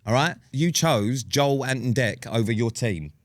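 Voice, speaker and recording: A man's voice: medium pitch, animated, a little slow, dry recording, studio quality. A man co-hosting a podcast, teasing his co-host in casual banter. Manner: teasing, mock-stern.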